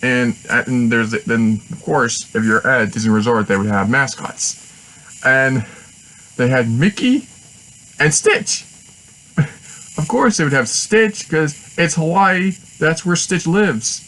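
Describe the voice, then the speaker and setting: Brief man for a casual home vlog, chatty, rambling and excitable. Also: mid-range voice, slow pace, rough recording. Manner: rambling and excitable, with frequent restarts and laughs. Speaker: vlogger.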